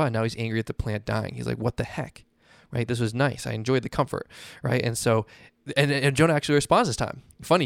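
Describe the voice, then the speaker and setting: Man, podcast host, casual Bible teaching, gravelly voice, dry sound. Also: medium pitch, no room sound. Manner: conversational, often adds "right?".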